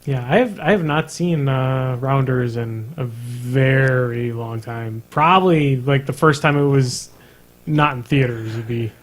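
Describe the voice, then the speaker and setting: A man's voice: medium pitch, measured pace. A man co-hosting a casual podcast, telling stories in a chatty way and laughing now and then. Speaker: podcast co-host. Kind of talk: casual chat. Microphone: studio mic on a live stream.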